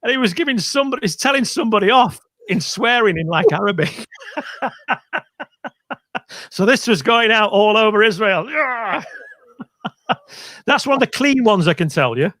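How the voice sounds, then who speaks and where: A man's voice: high voice, lively intonation, normal speed, long pauses, fairly bright tone, no room sound, clean studio sound. A middle-aged man, a radio presenter, casually telling an anecdote on a quiz stream and acting out the voices in it. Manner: chatty storyteller, acts out voices in his anecdotes.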